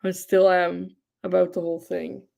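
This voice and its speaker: A woman's voice: fairly low pitch, little pitch movement, normal speed, creaky, a little mellow. A young woman hosting a livestream, chatting casually and gushing with enthusiasm, with lots of fillers. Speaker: livestream host. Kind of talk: casual chat.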